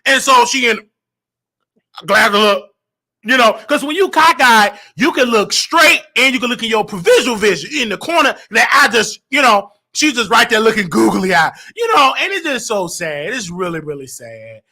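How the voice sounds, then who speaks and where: A man hosting a comedy show, ranting in a loud, animated way and often breaking into shouts. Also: very high-pitched, moderate pace. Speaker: show host. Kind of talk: comedic rant.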